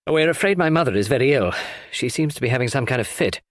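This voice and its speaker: A man's voice: medium pitch, expressive, quick pace, no room sound, clean studio sound, natural voice. A man voicing an anxious, agitated young man in a storybook reading.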